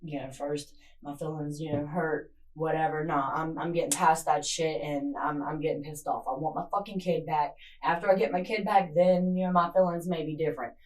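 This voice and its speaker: A woman's voice: low-pitched, fairly even intonation, fairly quick, few pauses, darkish tone. A woman, a mother of a missing child, pleading and angry, swearing as she confronts someone in an interrogation room. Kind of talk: emotional confrontation. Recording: distant surveillance camera, faint noise.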